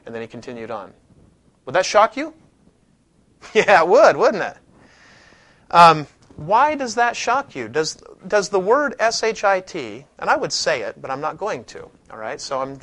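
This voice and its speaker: A man teaching a scripture class in a casual, conversational way, stopping to restart sentences and leaning hard on points he wants to stress. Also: fairly high pitch. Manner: conversational, with frequent restarts and lively emphasis. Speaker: Bible teacher. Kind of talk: classroom lecture with scripture reading.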